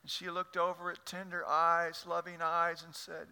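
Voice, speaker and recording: Bright-voiced pastor preaching in a reverberant church. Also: male voice, a little high, normal speed, clear, resonant tone. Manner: animated storytelling with frequent stammered repeats. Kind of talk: sermon. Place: church sanctuary.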